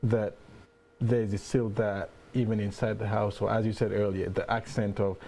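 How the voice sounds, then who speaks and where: A man's voice: lowish voice, level tone, normal speed, vocal fry, dark tone. A man hosting an interview, framing long questions with many restarts. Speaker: host.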